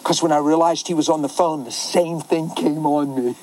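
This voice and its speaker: Animated pastor, man with a higher voice. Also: fast, rough recording. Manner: animated, laughs often, acts out quoted voices. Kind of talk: storytelling talk.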